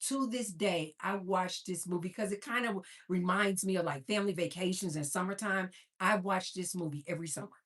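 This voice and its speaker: A woman's voice: lowish voice, fairly quick, hardly any pauses. A woman hosting a casual cooking livestream, telling stories animatedly and talking to viewers. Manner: animated storyteller, talks to viewers as "you guys". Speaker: livestream host.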